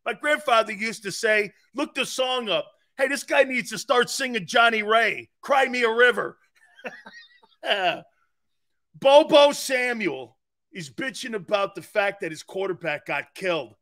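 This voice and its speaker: A man hosting a sports talk show, ranting and mocking, shouting in bursts and laughing at his own jokes. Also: high-pitched, lively intonation, a little slow. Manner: shouts in bursts between quieter asides.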